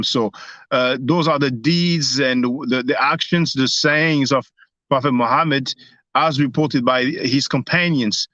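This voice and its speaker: A man's voice: medium pitch, fairly bright tone, dry recording, lo-fi sound. A man hosting a live stream, explaining at length on his phone, hesitating often and repeating words. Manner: hesitant, many restarts and fillers. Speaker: host.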